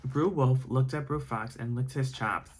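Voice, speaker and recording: A man reading a bedtime story aloud in ASMR style, with soft, rambling asides. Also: mid-range voice, measured pace.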